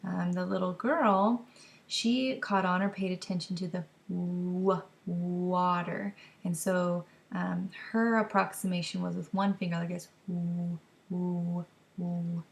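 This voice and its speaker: A woman who is a mother calmly explains how to teach signs to babies, modelling words and sounds gently as she goes. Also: on the low side, gravelly. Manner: slow, careful explaining with gentle demonstrations. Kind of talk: instructional talk to camera.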